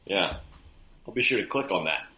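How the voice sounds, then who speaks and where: A man's voice: deep voice, expressive, moderate pace, bright, forceful tone. A man on a podcast as a guest, cracking wry jokes and laughing often in casual chat.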